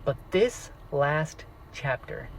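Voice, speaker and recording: A man excitedly talking through his reactions to a fantasy novel in a casual vlog, jumping into quick put-on voices for characters. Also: fairly high pitch, noisy background. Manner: excitable, animated, mock-voicing characters. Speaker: book vlogger.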